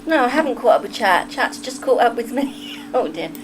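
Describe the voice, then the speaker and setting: An English woman chats casually with her viewers during a livestream, reading the chat, giggling, laughing often, and poking fun at herself. Her slightly high voice swings widely in pitch at a fairly quick pace, over background music on poor audio.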